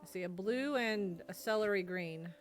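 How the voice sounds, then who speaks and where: Woman, game streamer, casual chat, mid-pitched voice, soft game music underneath. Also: moderate pace. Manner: chatty, reads and answers chat messages aloud. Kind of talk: casual live-stream chat while gaming.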